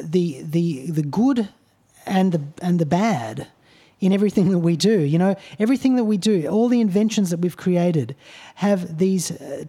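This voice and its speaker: Mellow-voiced male radio host, hesitant. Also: high-pitched. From Australia. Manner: thoughtful, hesitant, repeats words. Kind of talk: casual radio chat.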